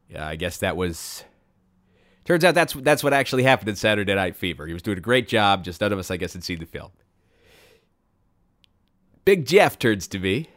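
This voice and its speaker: A man telling a rambling, absurd comic story in a deadpan way, with sudden excited bursts. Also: on the low side. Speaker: comedic storyteller.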